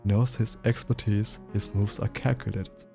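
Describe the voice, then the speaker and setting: Male streamer, dark mellow voice, narrates game text aloud with casual asides. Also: on the low side, steady tone, normal speed, gravelly, soft background music. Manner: reads text aloud, breaks off to joke and ask.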